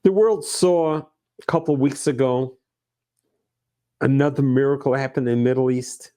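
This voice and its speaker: A man's voice: medium pitch, fairly even intonation, a little slow, dark tone. A middle-aged man preaching as a rabbi, earnest and emphatic, repeating his phrases. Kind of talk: sermon.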